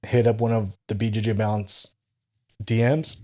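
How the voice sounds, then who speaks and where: A man with a somewhat low voice co-hosts a laid-back podcast. He jokes and laughs his way through the talk. He throws in slang and teasing asides. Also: level tone, moderate pace. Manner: jokey, laughing banter with slang. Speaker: podcast co-host. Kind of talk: casual podcast chat.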